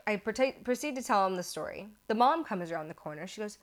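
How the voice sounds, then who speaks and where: Animated American woman telling a story. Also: medium pitch, quick pace, few pauses. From United States. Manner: animated, self-mocking, exaggerating for comic effect. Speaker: podcast host. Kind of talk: casual storytelling.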